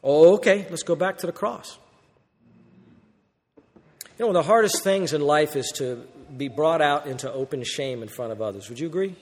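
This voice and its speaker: Animated male preacher in a reverberant hall. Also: a little high, normal speed, pauses often, breathy edge. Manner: animated preaching, acting out quoted voices, rhetorical questions. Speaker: pastor. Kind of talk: sermon. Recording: long reverb of a church hall.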